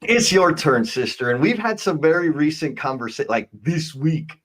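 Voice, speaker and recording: A man's voice: a little high, big pitch swings, moderate pace, a bit bright, slight background noise. A man hosting a casual livestream chat, talking in an upbeat, loose and chatty way. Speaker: livestream host.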